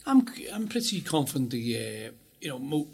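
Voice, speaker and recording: A man's voice: mid-range voice, big pitch swings, normal speed, gravelly, husky. Rambling man chatting about football. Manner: rambling, many fillers. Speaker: host. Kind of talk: casual football chat.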